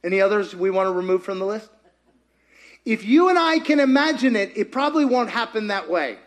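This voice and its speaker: A man preaching a sermon as pastor, animated and full of questions put to the congregation. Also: sits high, a little fast.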